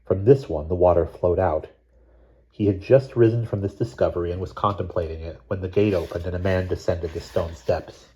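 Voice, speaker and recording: A man reading a novel chapter aloud in a measured, steady narration. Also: deep voice. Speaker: audiobook reader. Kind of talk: scripted narration.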